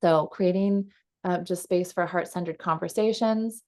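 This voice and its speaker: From home, a woman coach leads a casual teaching session over a video call, chatty, quick to laugh, and full of fillers. Her voice is fairly low-pitched with a warm tone.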